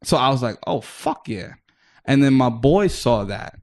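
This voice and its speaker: A man's voice: medium pitch, lively intonation, measured pace, creaky, a little mellow. Rambling, foul-mouthed male comedian storyteller. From New York, the Bronx. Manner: rambling, restarts often, swears freely, acts out other people's lines. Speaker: podcast guest, comedian. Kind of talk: casual storytelling chat.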